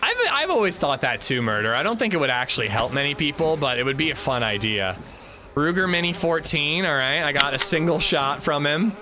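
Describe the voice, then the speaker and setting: A man casually commenting on his survival shooter game during a livestream, chatting with viewers and reacting out loud. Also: on the high side, animated, fairly quick, background noise. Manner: chatty, reacts loudly, talks to chat. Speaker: streamer playing a survival shooter.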